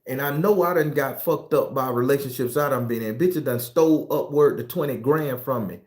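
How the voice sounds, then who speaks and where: A man, a tarot reader, ranting in a casual monologue in a profane, animated, preachy way. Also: medium pitch, brisk, reverberant.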